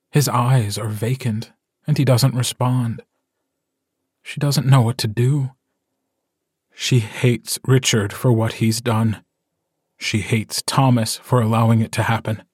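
Slow, measured male audiobook narrator. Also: mid-range voice, fairly even intonation, husky, no echo, studio quality. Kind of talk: scripted narration.

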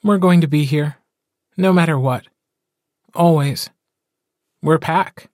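A man voicing a young woman in an audiobook, speaking gently and reassuringly. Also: a little high, slow, no echo, studio quality, pitched above the performer's own voice. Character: young woman, warm steady pack member.

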